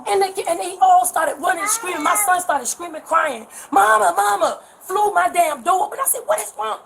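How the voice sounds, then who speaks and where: A woman's voice: very high voice, animated, background noise. A woman telling police an agitated, cursing account of a loose dog, recorded on a bodycam. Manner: heated, cursing, rapid storytelling. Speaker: woman being questioned by police. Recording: bodycam audio.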